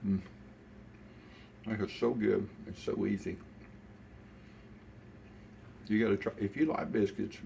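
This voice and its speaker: Gravelly older Southern man, folksy and low. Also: a little mellow, a little hiss or hum. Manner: folksy, unhurried, talks while eating. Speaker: cooking show host. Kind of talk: casual cooking chat.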